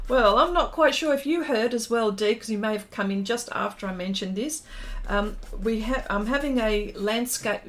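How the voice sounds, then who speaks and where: A woman hosting an art livestream, chatting warmly and casually with viewers while she draws, with plenty of ums and heartfelt asides. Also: medium pitch, normal speed, few pauses. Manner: chatty and heartfelt, many ums, reads out chat comments.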